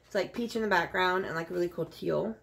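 Middle-aged woman host, gravelly voice, blunt and profane, casual unboxing chat. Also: fairly low pitch, fast talker, fairly bright tone. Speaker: beauty vlogger.

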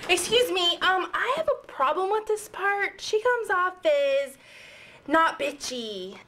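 Woman doing a super high gushy drama-queen actress, slow and swoopy, over the top. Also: animated, sharp tone, heavily acted. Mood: fussy. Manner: gushing, theatrical delivery. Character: theatrical, overdramatic actress, clingy and melodramatic. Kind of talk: indie comedy drama acting.

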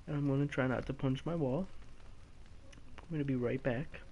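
A man's voice: mid-range voice, normal speed, creaky, darkish tone, lo-fi sound, slight background noise. Swearing, frustrated gamer guy. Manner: frustrated, swearing, taunting enemies. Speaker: let's play gamer. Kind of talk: live gameplay commentary.

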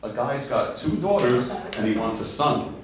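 A man's voice: medium pitch, lively intonation, normal speed, a little hiss or hum. A man telling jokes on a comedy club stage, with plain setups and punchy quoted lines. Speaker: guest comic. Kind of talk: stand-up joke telling. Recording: echoey room mic from a distance.

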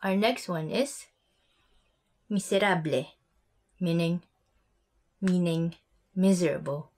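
Woman, relaxed language teacher, chatty and unhurried. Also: lowish voice. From Philippines. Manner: relaxed, chatty explanations with light laughs. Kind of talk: casual vocabulary lesson.

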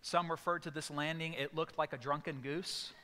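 A man's voice: a little high, fairly even intonation, moderate pace, pushed and bright, in a large hall. A male pastor giving a sermon, telling stories and acting out voices in bursts. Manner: storytelling with sudden acted outbursts. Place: church sanctuary.

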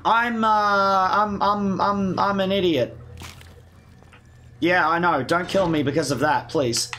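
A man's voice: high-pitched, fairly even intonation, takes it slowly, pushed and bright. A man giving casual, self-mocking gameplay commentary with sarcasm and swearing. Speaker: let's play gamer.

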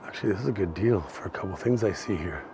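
Low-pitched and animated, this fast-talking Canadian speaks with a Canadian accent amid background noise. A bit tipsy, he rambles chattily to viewers while walking, hosting a live-streamed tour of an outdoor city shopping street.

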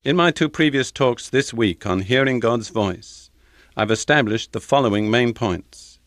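An older man with a British accent giving a sermon as a Bible teacher, speaking slowly with deliberate pauses and reading scripture with solemn emphasis. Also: medium pitch, expressive, fairly bright tone, no room sound, clean studio sound. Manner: slow, measured delivery with deliberate pauses.

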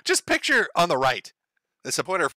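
A man's voice: sits high, huge pitch swings, normal speed, pushed and bright, dry recording. A man hosting a show, giving crude, sarcastic commentary on online posts. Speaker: show host.

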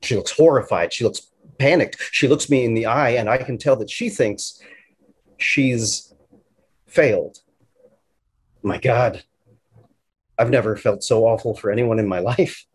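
A man acting a young man who tells a tender, halting story straight to the audience in a stage play. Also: mid-range voice, husky. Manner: halting, emotional storytelling with restarts. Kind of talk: theatrical monologue to the audience.

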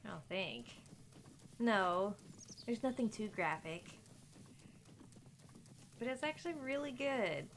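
A woman's voice: mid-range voice, sing-song, takes it slowly, pauses often, a bit bright, a little hiss or hum. A woman streamer chatting casually with viewers while she plays, laughing often and cooing at her pet. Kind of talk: casual live-stream chat.

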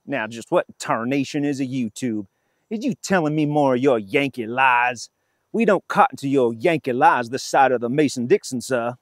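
A man's voice: mid-range voice, expressive, normal speed, dry recording, natural voice. Guy voicing a huffy confederate soldier, thick put-on southern drawl, stiff and formal, dry close sound. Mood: indignant. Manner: florid, formal, says "sir" a lot. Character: indignant pompous Confederate soldier, man.

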